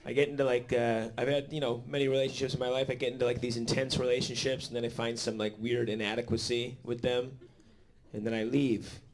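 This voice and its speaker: A man's voice: mid-range voice, little pitch movement, brisk, noisy background. A man performing a live stand-up set in a comedy club, rambling with lots of fillers and swearing.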